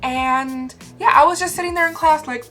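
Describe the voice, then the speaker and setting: A woman's voice: high-pitched, normal speed, a bit bright, faint music behind. A young woman telling funny stories about herself in a casual vlog, chatty and laughing often. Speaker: vlogger. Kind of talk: casual storytelling to camera.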